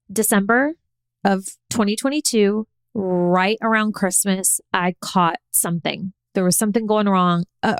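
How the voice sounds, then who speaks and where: A young woman hosts a podcast and coaches her listeners in a casual, chatty way. She talks at a middle pitch and acts out her own thoughts with lively bursts. The sound is close and dry, with no room echo. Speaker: podcast host.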